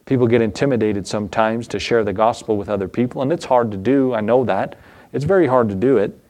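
A man preaching an evening church sermon, asking rhetorical questions that rise in pitch and repeating phrases for stress. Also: quick pace, darkish tone.

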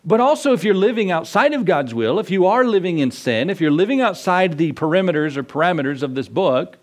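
A man's voice: high voice, big pitch swings, brisk. A man pastor preaching a sermon in a conversational way, telling stories and acting out the dialogue.

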